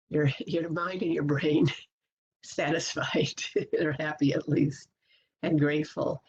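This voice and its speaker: A woman positivity coach giving a lively webinar talk from a computer mic, acting out everyday self-talk. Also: deep voice, slight background noise. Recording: muffled lo-fi webinar audio.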